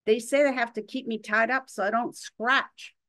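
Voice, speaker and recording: A woman's voice: a little high, fairly even intonation, moderate pace, sharp tone, voice pushed up. A woman voicing a weary, bitter older female hospital patient who talks plainly and sounds resigned, with folksy grammar.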